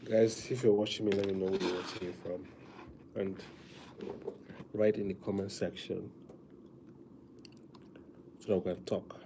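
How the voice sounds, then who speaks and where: A man chatting casually to viewers on a live stream, talking softly with many fillers because he is feeling weak. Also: deep voice, level tone, background noise. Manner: soft, drawn-out talk with many fillers.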